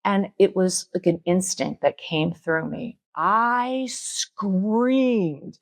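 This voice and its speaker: A middle-aged woman speaks casually as a spiritual teacher telling a personal story. She acts out the quoted lines with sudden jumps up in pitch. The sound is dry and close, with no room echo. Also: fairly even intonation, a little slow, gravelly, darkish tone. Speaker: spiritual teacher and podcast host.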